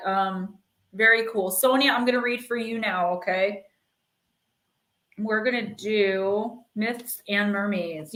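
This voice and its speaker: A woman's voice: a little high, bright, forceful tone, reverberant. Chatty woman reading oracle cards. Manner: chatty, filler-heavy, reassuring. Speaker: oracle card reader and live-stream host. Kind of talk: casual live-stream chat and card reading.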